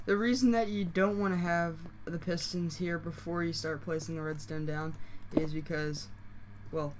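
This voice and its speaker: A hoarse game tutorial host who is losing their voice, explaining steps casually with fillers and frequent self-corrections. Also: medium pitch, fairly even intonation, normal speed, slight background noise. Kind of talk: casual screen-recorded tutorial.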